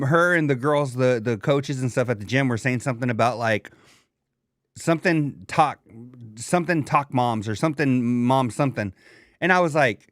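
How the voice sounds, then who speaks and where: A laid-back man chatting casually on a podcast, full of slang and easy laughter. His voice sits a little high, and the sound is dry and close with no room around it. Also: a bit bright, no echo. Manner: slangy, laid-back, says "dog" often, laughs a lot. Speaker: podcast co-host.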